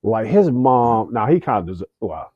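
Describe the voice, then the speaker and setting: A man's voice: fairly low pitch, very animated, unhurried, warm tone, husky, no room sound, highs cut off. A middle-aged man speaking candidly as a podcast guest, earnest, often repeating words as he starts a thought. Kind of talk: candid conversational interview.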